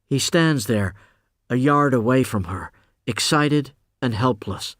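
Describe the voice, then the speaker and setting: A man reads a literary novel aloud in a measured, steady narration. His voice sits at a middle pitch for a man. The sound is dry and close, with no room around it. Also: no echo. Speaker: audiobook narrator.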